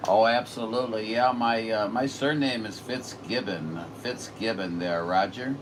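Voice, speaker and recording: Folksy ham chatting, low voice, distant mic, steady room noise. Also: male voice, a little slow. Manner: rambling, filler-heavy, folksy. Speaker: radio operator. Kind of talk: casual chat.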